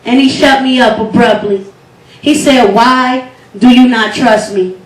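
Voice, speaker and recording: Young female slam host reciting earnest, rhythmic devotional verse; high voice, roomy and distant. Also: a little slow. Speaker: poetry slam host and poet. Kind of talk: spoken word poetry performance. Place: event hall. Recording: echoey hall recorded from afar.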